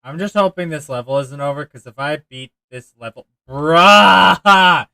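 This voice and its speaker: A man streaming a game live, chatting casually and excitably with his viewers and rambling as he plays. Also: mid-range voice, a little fast, clear, resonant tone, no room sound, rough recording. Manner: excitable, rambling, talks to chat, swears.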